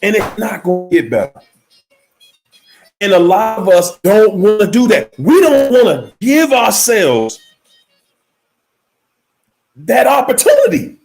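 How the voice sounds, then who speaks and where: A man giving a motivational speech in an emphatic, repetitive preaching cadence, slowing down to stress key words, with faint music behind. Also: high voice, sing-song, gravelly, a little mellow. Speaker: motivational speaker.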